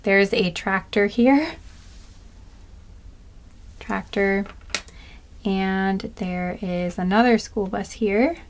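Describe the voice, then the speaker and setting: A woman doing a slow, soft-spoken pick-a-card reading, listing charms one by one with small asides. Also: medium pitch, slight background noise. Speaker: tarot card reader.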